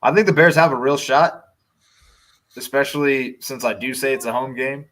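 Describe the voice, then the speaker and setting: A man's voice: medium pitch, moderate pace, a bit bright, poor audio. A man with a Chicago accent co-hosting a casual sports podcast, talking in a loose, rambling way and swearing now and then. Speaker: podcast co-host.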